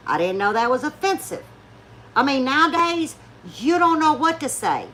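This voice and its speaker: A woman with a drawl talks straight to her viewers, spinning folksy stories and laughing as she goes. Her voice sits a little high. A faint hiss lingers under the recording. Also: big pitch swings, moderate pace, sharp tone. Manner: chatty, folksy, laughs often, mimics people in stories. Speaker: YouTube vlogger. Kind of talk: casual storytelling chat to viewers.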